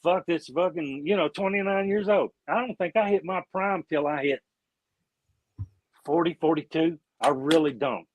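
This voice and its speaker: A man's voice: a little high, moderate pace, no echo, dull audio. A man, a former youth football coach, telling profane, laughing stories in a casual podcast chat. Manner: profane, storytelling, laughs often.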